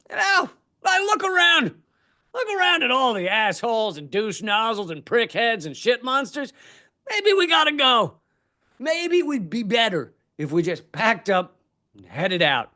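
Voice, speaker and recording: A man doing stand-up comedy as a keynote, who rants animatedly and swears freely. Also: sits high. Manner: ranting, profane, animated.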